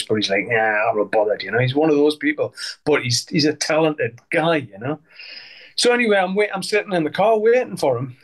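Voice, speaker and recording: A man, telling rambling anecdotes in a casual interview and swearing freely. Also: mid-range voice. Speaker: interviewee, musician.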